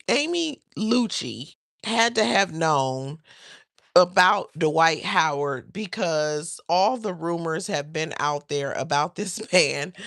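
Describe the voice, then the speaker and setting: Woman livestream host, lower voice, gossipy and laughing, dry close sound. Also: gravelly, no echo. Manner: chatty, animated, laughs often, talks to the chat. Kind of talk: casual celebrity gossip livestream.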